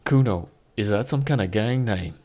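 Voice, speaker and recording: A man's voice: fairly low pitch, normal speed, background noise. A man casually playing a video game, reading dialogue choices aloud and laughing at the results. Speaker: let's play host. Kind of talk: casual gameplay commentary.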